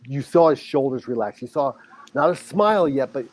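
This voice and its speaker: A middle-aged man, a high school football coach, telling a heartfelt story as a podcast guest and acting out the dialogue. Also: lively intonation, normal speed, darkish tone. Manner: earnest, heartfelt, reenacts dialogue.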